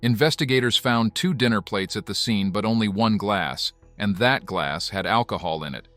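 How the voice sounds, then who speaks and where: Measured, low-voiced male documentary narrator. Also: faint music behind. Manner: even, measured storytelling. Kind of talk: scripted narration.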